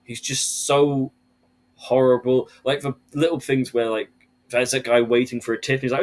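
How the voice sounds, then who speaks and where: A man on a casual podcast, ranting with animated, profane energy about a film. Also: mid-range voice, moderate pace.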